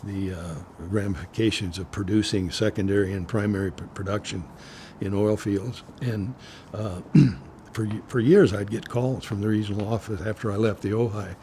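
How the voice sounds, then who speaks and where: An older man from Oklahoma recounts his forestry career in an oral history interview, speaking in a lowish voice. He rambles through anecdotes, stops to restart his sentences and clears his throat now and then. Faint ambient noise sits behind him. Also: fairly even intonation, moderate pace, mellow. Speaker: retired forest supervisor interviewee.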